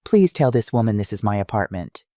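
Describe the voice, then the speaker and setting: A narrator voicing a distraught young woman whose pleas come out high and urgent. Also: big pitch swings, a little fast, warm tone, no room sound, studio quality, natural voice. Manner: pleading, rising and urgent. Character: distraught young woman locked out of her home.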